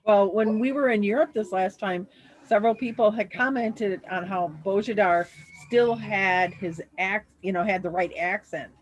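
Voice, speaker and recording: A woman's voice: mid-range voice, normal speed, rough recording. Woman adding details to a group chat. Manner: adds short background remarks to her partner's stories. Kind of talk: casual chat.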